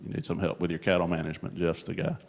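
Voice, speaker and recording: Deep-voiced man moderating a panel. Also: flat delivery, very fast, gravelly. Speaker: session moderator. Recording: echoey conference hall.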